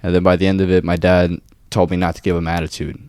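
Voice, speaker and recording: Deep-voiced and fast, a young podcast co-host tells a story from work in clean studio sound without echo. He swears a lot and brings the quoted lines to life in an animated, casual way.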